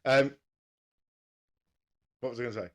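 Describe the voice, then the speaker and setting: A laid-back man in easy podcast chat, his voice sitting at an ordinary middle pitch. He swears offhandedly and breaks into laughs often. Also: fairly even intonation, a little slow. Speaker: podcast co-host. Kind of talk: casual chat about cricket.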